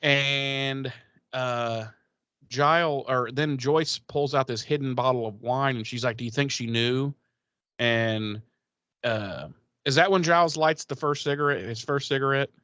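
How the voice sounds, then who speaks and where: A man's voice: mid-range voice, unhurried, pushed and bright, clear, resonant tone, no echo. A man casually recapping a TV episode on a podcast, rambling, swearing and acting out the characters' lines. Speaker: podcast co-host.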